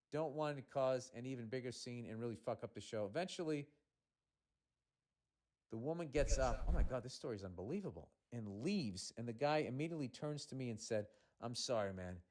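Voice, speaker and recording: A man's voice: mid-range voice, darkish tone. A man hosting a comedy podcast, reading a listener's letter aloud and breaking in with sarcastic, profane asides.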